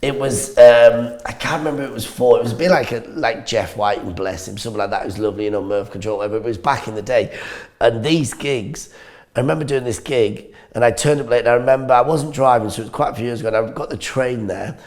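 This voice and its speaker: A man's voice: medium pitch, quick pace. A man telling a comedy anecdote on a podcast, acting out the people in his story and laughing often. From northeast England. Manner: animated storyteller, acts out the people in his stories, laughs a lot. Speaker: comedian co-host.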